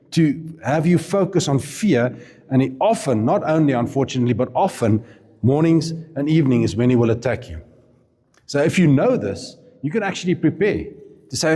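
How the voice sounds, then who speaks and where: Preacher guy, chatty sermon, mellow tone, big hall echo. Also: a little high, expressive, fairly quick. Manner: chatty and informal, with asides and laughs. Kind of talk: sermon storytelling. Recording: reverberant hall.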